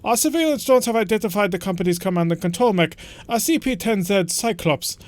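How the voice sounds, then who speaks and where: A man's voice: sits high, animated, a little fast, no room sound, voice pushed up. A man voicing a male mission briefing officer while reading game dialogue aloud.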